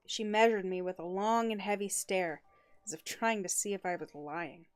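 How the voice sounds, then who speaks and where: A woman streamer reading a first-person story aloud with an expressive, dramatic delivery. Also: fairly low pitch. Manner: expressive, dramatic reading with quick laughing asides.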